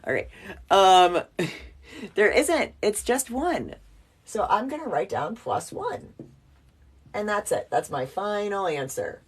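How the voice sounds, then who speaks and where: Woman, math teacher, playful, chatty, self-mocking, slightly low voice. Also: animated, a little slow, breathy edge. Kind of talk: casual whiteboard math lesson.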